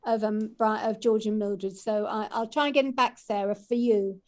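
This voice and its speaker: A woman's voice: medium pitch, fairly even intonation, normal speed. A woman speaking as an actress guest, gushing about the people she admires. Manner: warm, gushing praise of colleagues. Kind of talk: casual chat on a video call.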